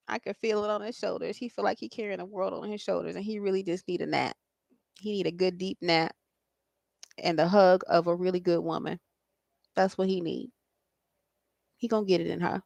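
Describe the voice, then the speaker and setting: This is a medium-pitched female voice with vocal fry and no echo. Reading tarot psychically for the camera in a casual way, she is reassuring and blunt, curses lightly, and leans on "okay?" and "I feel like" again and again.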